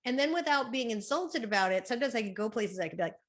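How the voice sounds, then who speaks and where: A middle-aged woman with a loud, projecting voice, giving a chatty motivational talk at a women's conference. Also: on the high side, expressive. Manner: chatty, with fillers and quick asides. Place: conference room, live talk.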